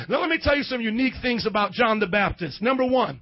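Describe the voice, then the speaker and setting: A man with a strikingly high voice preaches a sermon, pulling his congregation into call-and-response and talking in loose, casual slang. His voice is close and dry, with no room echo. The recording sounds a little dull and muffled. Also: animated, fast, few pauses.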